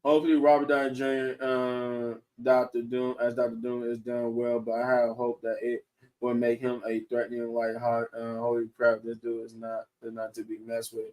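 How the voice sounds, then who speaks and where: A man hosting a casual online show, talking in an excited, rambling way and laughing often. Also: medium pitch, normal speed. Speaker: show host. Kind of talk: casual chat reacting to viewers.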